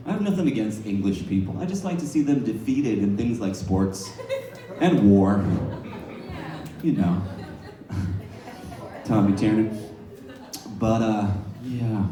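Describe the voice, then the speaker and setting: Lively-voiced male stand-up in an echoey bar. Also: mid-range voice, recorded from a distance. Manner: profane, rambling storytelling. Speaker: stand-up comedian. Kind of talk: stand-up comedy set. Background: laughing crowd.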